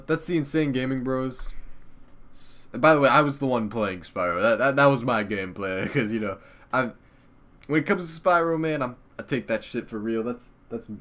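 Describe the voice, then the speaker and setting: A man's voice: lowish voice, fairly bright tone. A young man, a YouTuber, rambling casually and profanely about old channels, laughing often. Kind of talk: casual nostalgic commentary.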